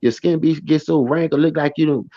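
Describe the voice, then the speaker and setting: A man telling a personal story in a blunt, profane, animated way. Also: fairly high pitch, brisk, no room sound. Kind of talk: casual first-person storytelling. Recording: dry, slightly dull recording.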